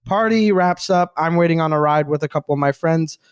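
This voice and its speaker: A man from Quebec, a comedian guest on a podcast, chatting in an animated, self-deprecating way. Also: fairly high pitch, brisk, clear, resonant tone, dry recording, studio quality. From Quebec, Canada. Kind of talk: casual chat.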